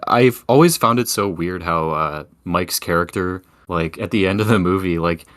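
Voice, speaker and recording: A man talking casually about a film on a podcast, relaxed and hedging, with small chuckles. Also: sits low, moderate pace, dry recording, studio quality. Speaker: podcast co-host or guest.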